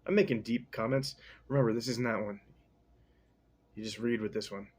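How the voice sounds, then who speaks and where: A man's voice: fairly low pitch, normal speed, husky. Slangy, rambling male podcast reader. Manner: slangy, rambling, deadpan asides. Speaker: podcast host reading a novel. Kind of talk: casual book recap and reading.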